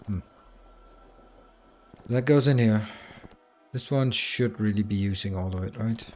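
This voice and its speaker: A man's voice: lowish voice, measured pace, a little mellow, faint music behind. Danish-accented man, game streamer, mumbling under his breath, frustrated bursts. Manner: muttering to himself, exasperated outbursts. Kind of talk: live gameplay commentary.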